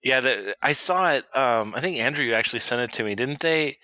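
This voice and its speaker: A man co-hosting a casual podcast, dropping wry, deadpan quips. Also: medium pitch, a little fast, dry recording, rough recording. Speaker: podcast co-host. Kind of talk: casual banter among friends.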